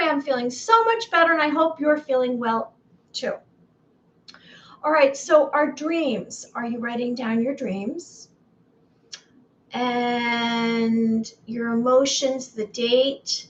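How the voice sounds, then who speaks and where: A woman with a high voice drifts slowly through a casual spiritual vlog. She wanders off track, corrects herself, and keeps turning to her viewers with questions. The sound is dull and lo-fi. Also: fairly bright tone, slight background noise. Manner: meandering, self-correcting, asks viewers questions. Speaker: spiritual vlogger.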